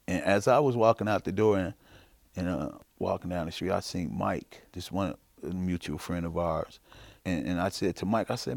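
A middle-aged man from Chicago giving a personal testimony in a halting, informal way, full of fillers. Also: low-pitched, vocal fry, a little mellow, no room sound. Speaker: interviewee.

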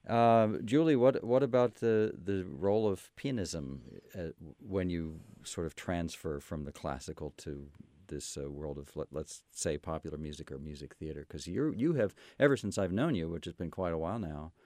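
A man's voice: low voice, moderate pace, few pauses, dark tone, no room sound, clean studio sound. A man hosting a conversation, asking questions with hesitant restarts. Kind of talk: casual conversation.

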